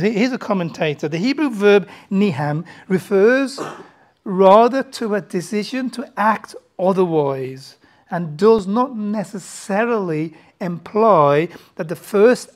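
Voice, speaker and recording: A preacher giving a sermon, emphatic and full of rhetorical questions, swinging between loud outbursts and hushed asides. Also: mid-range voice.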